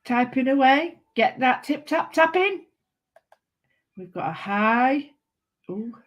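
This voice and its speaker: A woman with a Manchester accent hosting a live craft stream, chatting warmly to viewers and greeting them by name. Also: high-pitched, lively intonation, slow. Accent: Mancunian. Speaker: craft channel host.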